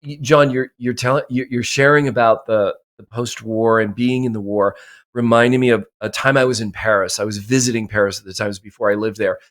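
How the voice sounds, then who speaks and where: A man talks fast-ish and steadily in a medium-pitched, fairly bright voice while appearing as a podcast guest. As a mindset coach, he speaks emphatically in a motivational interview style and repeats phrases for effect.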